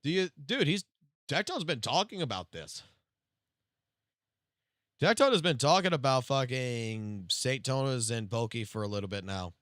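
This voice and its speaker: A young man with a South Louisiana Cajun accent, live streaming a loud, emphatic, profane rant that swings between loud and low-key. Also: expressive, normal speed, long pauses, no room sound, clean studio sound.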